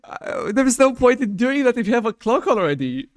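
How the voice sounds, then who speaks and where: Stammering young man, lively pitch, dry mic. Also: dry recording. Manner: halting, stammering, apologetic, tired late at night. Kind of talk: casual chat. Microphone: desk mic with noise suppression on voice call.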